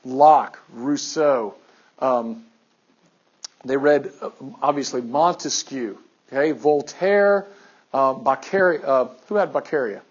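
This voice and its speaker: A man teacher giving an animated classroom lecture, firing questions at his students. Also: mid-range voice, slow, dull audio.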